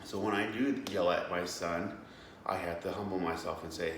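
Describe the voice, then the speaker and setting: A man's voice: deep voice, flat delivery, normal speed, distant mic. A young man giving a casual devotional talk as host, earnest and plain-spoken, with many fillers and restarts. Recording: echoey room, away from the mic, faint background noise.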